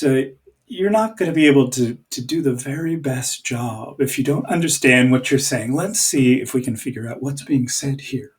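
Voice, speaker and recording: A man teaching a poetry lesson, talking slowly and thoughtfully and reading lines of verse aloud to count their beats. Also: medium pitch, darkish tone, far from the mic. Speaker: literature teacher.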